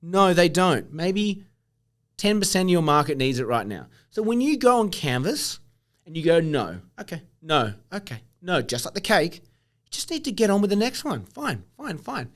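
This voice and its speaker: A middle-aged man talks straight at the listener on his own podcast. His voice sits a bit high for a man and rises and falls a great deal. He is blunt and animated and drops the odd swear word. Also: moderate pace. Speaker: podcast host. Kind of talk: casual solo podcast monologue.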